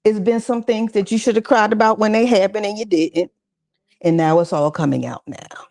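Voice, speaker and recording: A woman speaks at a church gathering about mental health, her voice carrying a gravelly, fry-tinged edge. She talks in a conversational, encouraging way and keeps turning to the listeners with casual asides. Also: mid-range voice, normal speed, darkish tone. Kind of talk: church talk session. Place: church gathering with audience responses.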